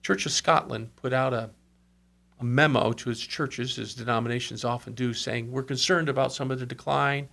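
Speaking at a normal speed with fairly even intonation, this man has a medium-pitched voice that sounds pushed and bright, with vocal fry. His conversational revival stories are earnest, full of quoted speech and quick asides.

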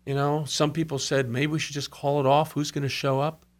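A man with a slightly high voice and little pitch movement speaks briskly, telling revival stories in conversation. He's earnest, quotes what others said and slips in brief asides.

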